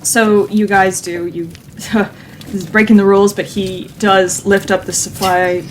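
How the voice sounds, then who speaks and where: A woman's voice: mid-range voice, level tone, measured pace, a little hiss or hum. A woman narrating a tabletop role-playing game as game master, often laughing as she describes the scene.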